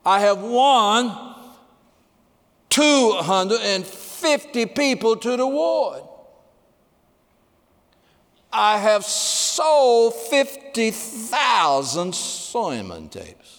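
A man voicing an elderly preacher who speaks in slow, halting, drawn-out words. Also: sing-song, a bit bright, big-room sound, heavily acted. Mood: earnest. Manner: drawn-out, strained, high-pitched words.

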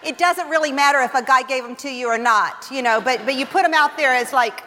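Woman speaker, high voice, humorous testimony sermon, self-mocking storyteller, big hall reverb. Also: a little fast, sharp tone, slight background noise. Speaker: speaker at a Christian women's gathering. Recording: long reverb of a large hall.

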